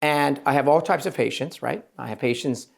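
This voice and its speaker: A man's voice: mid-range voice, creaky. Rambling, emphatic man hosting a chat. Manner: rambling, emphatic, quotes patients in quick asides. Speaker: plastic surgeon hosting a podcast. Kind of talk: casual interview chat.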